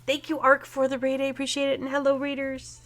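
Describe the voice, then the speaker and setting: A woman running a tabletop role-play game, chatting casually with players and viewers, full of fillers and quick apologies. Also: high voice, completely flat delivery, a bit bright. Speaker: storyteller, game master.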